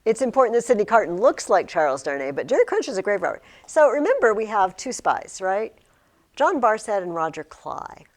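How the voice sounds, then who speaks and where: A woman teaching a high school literature class, asking questions and acting out lines from the book. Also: brisk. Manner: animated, asks questions, acts out quotes.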